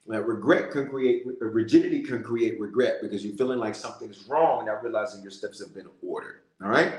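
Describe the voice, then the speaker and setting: A male bishop preaching in a lively storytelling way and calling out to his listeners. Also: on the low side, fairly quick, roomy sound. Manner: storytelling, animated, calls out to listeners. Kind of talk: sermon-style prayer message.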